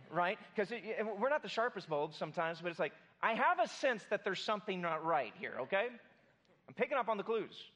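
A man's voice: high voice, big pitch swings, brisk, sharp tone. A man preaching a sermon to his congregation, conversational and joking with the room. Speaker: pastor.

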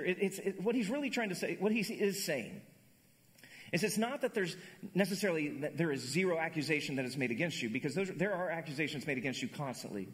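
A male pastor giving a sermon, animated and conversational, often restarting phrases. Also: sits high. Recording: echoey hall.

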